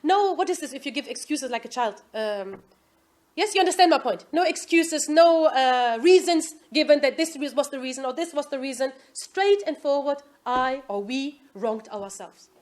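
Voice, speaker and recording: High-voiced woman teaching an Islamic class. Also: moderate pace. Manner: asks the class "Yes?" often, lively quoting. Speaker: religious teacher.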